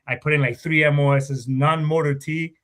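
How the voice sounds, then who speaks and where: Speaking at a normal speed with fairly even intonation, the veteran warrant officer sounds a little high and a bit bright. He's a middle-aged man rambling through casual interview stories, profane and frequently stopping to correct himself.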